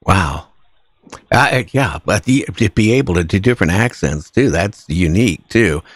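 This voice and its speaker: A man's voice: sits low, animated, moderate pace, no echo. A man from the US West Coast hosting a talk show, chatting in an easygoing way with plenty of fillers. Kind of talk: casual interview chat.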